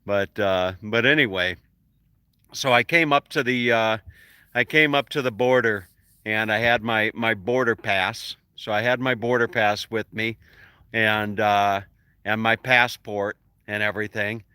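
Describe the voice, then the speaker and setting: A man's voice: fairly low pitch, fairly even intonation, unhurried, sharp tone, clear, resonant tone, no echo. A man vlogging about his travels, rambling through a chuckling anecdote with many fillers. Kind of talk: casual storytelling to camera.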